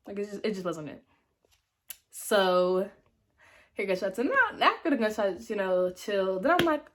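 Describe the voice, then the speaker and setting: A young woman telling a story to her camera in a loose, chatty, slangy way. Her voice swings from low, quiet asides to sudden high, dramatic exclamations. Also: moderate pace. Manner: animated, chatty, dramatic pitch jumps when telling the story; slangy casual speech. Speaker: vlogger. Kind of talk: storytime vlog.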